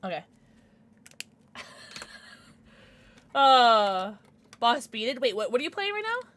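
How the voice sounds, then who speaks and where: Young woman, livestreamer, casual chat with viewers, high voice, very lively pitch, giddy, squealing. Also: slow pace. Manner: giddy, squealing and laughing, emotional.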